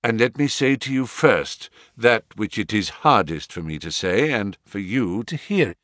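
A man voicing a stern, self-assured detective who speaks in a measured, authoritative way, read as an audiobook. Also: fairly low pitch, expressive, a bit bright, no echo, clean studio sound. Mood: composed. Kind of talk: audiobook character reading.

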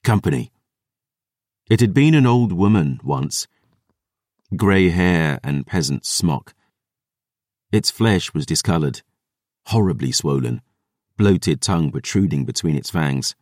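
A man narrating an audiobook in the first person, with a gruff, sardonic, measured delivery. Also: sits low, lively intonation, a little mellow, no echo, clean studio sound.

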